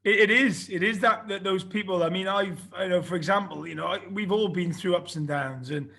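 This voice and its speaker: A man's voice: high voice, a little fast, vocal fry, bright, forceful tone. A man hosting a podcast, chatty and friendly, calling his guest mate. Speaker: podcast host. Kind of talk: casual podcast interview.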